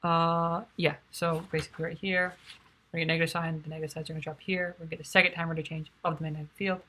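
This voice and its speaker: Tired young woman mumbling through physics math, soft and low-key, bright tense voice, kinda low pitched. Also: little pitch movement, fast talker. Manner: soft, low-key, thinking aloud with many fillers. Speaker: physics tutor. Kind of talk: quiet math derivation.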